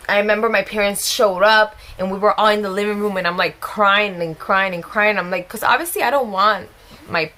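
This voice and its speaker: A woman's voice: mid-range voice, sharp tone, slight background noise. Young woman, story time vlog, chatty, emotional, exclaiming. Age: young adult. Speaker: vlogger. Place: at home with a small child.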